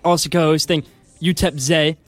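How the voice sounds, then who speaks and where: A man's voice: on the high side, steady tone, moderate pace, faint music behind. A man guest-hosting a sports radio show, easygoing and laughing along with his guest. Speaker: guest host. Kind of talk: casual sports radio chat. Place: radio studio.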